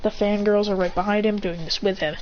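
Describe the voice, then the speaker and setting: A woman making up a fan-fiction story on the spot, rambling, correcting herself mid-sentence and tossing in her own sound effects. Her voice is mid-pitched, and the recording sounds a little muffled, with a faint hiss. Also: steady tone, brisk. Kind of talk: improvised fan-fiction narration.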